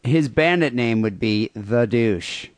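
A man's voice: mid-range voice, expressive, slow, no room sound. A man co-hosting a crude podcast, reading listener emails and rambling sarcastically. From United States. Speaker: podcast co-host.

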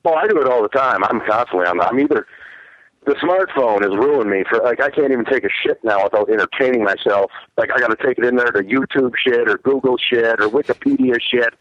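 Calling in by phone, a roughly forty-year-old man chats crudely and casually with a talk show, wandering off topic with cynical, self-mocking remarks and a slightly winded breath. His mid-range voice is brisk, and the recording is dry and muffled.

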